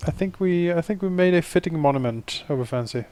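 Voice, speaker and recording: Wry, joking tabletop player. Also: male voice, on the high side, lively intonation, brisk, a crowd in the background. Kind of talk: casual chat at a game table.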